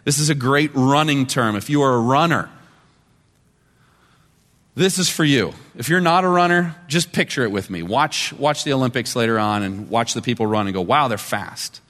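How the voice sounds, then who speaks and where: A man pastor giving a sermon, conversational, moving between quiet and emphatic delivery. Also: mid-range voice, lively intonation, normal speed. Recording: long reverb of a large hall.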